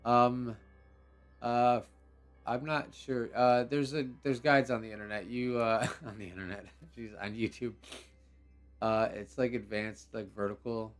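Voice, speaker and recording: Speaking a little slowly in a mid-range voice with fairly even intonation, a young male host streams a game live. He's easygoing and rambling, full of slang and laughter as he reacts, over faint background music.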